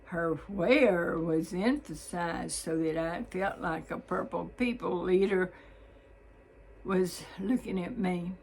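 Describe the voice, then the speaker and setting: A woman from Mississippi with a Southern accent telling a personal story in a slow, deliberate drawl. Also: lowish voice, a little hiss or hum, low-quality recording.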